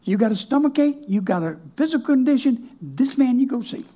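A man's voice: extremely high pitch, lively intonation, a little fast, dark tone. A male pastor preaching in a folksy, colloquial way, telling stories from his counseling work. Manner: folksy, colloquial, switches between quoted voices. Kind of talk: folksy sermon storytelling.

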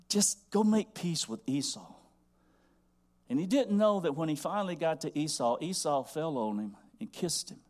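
A male pastor preaching a sermon in a conversational storytelling way that rises to fervent emphasis. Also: on the high side.

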